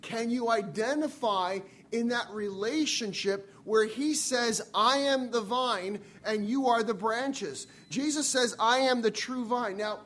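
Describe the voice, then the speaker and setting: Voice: medium pitch, unhurried, few pauses, fairly bright tone. A preacher delivering a sermon in an earnest way, repeating key phrases for emphasis.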